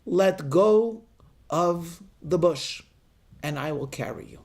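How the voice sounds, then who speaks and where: A man voicing a calm divine voice from above, deep, resonant and slow. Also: vocal fry, full character voice.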